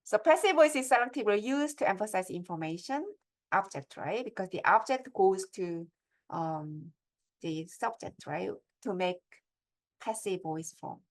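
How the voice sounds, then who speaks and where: A woman's voice: mid-range voice, lively intonation, moderate pace. A middle-aged woman gives a step-by-step lecture on academic writing and keeps checking in with her audience through questions.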